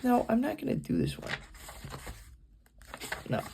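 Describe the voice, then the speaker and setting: Young man with gravelly vocal fry. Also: very high-pitched, wildly swooping pitch, measured pace, mellow, a little hiss or hum. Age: young adult. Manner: rambling, self-conscious, many fillers. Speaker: grandchild recording readings for family. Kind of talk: casual home video, reading aloud. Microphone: camera's built-in mic, no external microphone.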